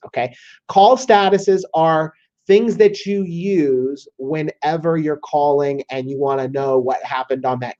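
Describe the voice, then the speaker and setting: Casual Southern man demoing software. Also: medium pitch. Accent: American Southern. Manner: casual, repeats "okay?" to check in. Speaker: software demo presenter. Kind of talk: screen-share tutorial walkthrough. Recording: slightly dull lo-fi audio.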